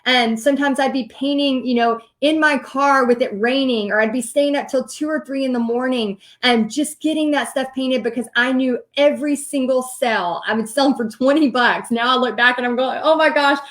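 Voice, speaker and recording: A woman's voice: high-pitched, moderate pace, hardly any pauses. Chatty Southern woman telling her story. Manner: animated, chatty, many ums and likes. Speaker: host. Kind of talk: casual storytelling livestream.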